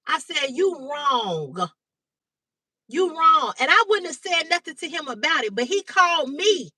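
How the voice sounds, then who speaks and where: A woman hosting a livestream, telling a story to her chat in a blunt, animated way, swearing freely and greeting viewers by name. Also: sits high, no echo. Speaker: livestream host. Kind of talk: casual storytelling to live chat. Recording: dry, slightly distant mic.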